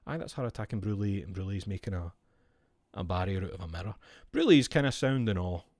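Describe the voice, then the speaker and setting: A man's voice: deep voice, expressive, quick pace, darkish tone, no echo, studio quality. A Scottish man streaming, chatting casually and explaining with gusto, swearing freely. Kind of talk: casual chat while showing cards.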